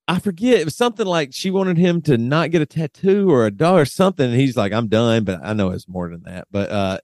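A man's voice: mid-range voice, darkish tone, no echo, clean studio sound. A man co-hosting a casual podcast, reading out celebrity news with lots of fillers and restarts. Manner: reads figures aloud slowly, many fillers and restarts. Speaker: podcast co-host.

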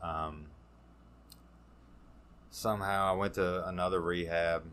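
Low, bright-voiced man telling his story. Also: flat delivery, slight background noise. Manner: halting, many fillers and restarts. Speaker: podcast guest sharing recovery story. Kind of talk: casual conversational storytelling.

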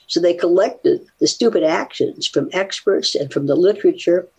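An older woman, a psychologist, chatting casually and reading a study aloud with animated asides. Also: fairly low pitch, normal speed, breathy edge. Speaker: psychologist guest.

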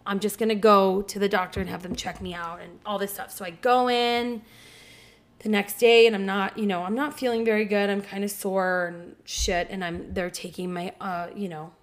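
A podcast host in her thirties shares a candid personal story in casual conversation. She's animated, swears freely, and acts out the people she quotes. Her voice is mid-range and her pace is normal.

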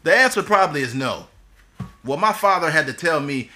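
Bright and forceful, this thirtysomething host's slightly high voice is expressive and fast as he recounts his story on his podcast. He's impassioned and blunt, cursing freely in a casual conversation.

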